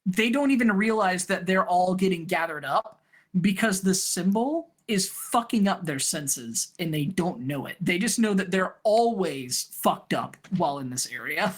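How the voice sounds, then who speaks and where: A man narrating a tabletop game as game master, rambling and animated, often breaking into laughs. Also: high-pitched, unhurried.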